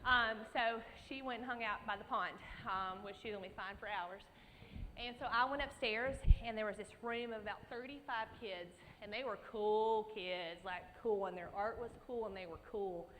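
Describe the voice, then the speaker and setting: A young woman from Alabama with a Southern accent, telling an animated story at a conference and acting out her own reactions with big leaps in pitch. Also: normal speed. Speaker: conference speaker. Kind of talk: storytelling keynote talk. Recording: speech in a large hall with faint background noise.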